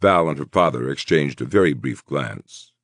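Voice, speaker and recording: A man reads a horror novel in a measured, gravelly voice. His pitch sits very low yet moves with lively range, the pace unhurried. The recording is dry and close. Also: no echo. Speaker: audiobook narrator. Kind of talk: scripted narration.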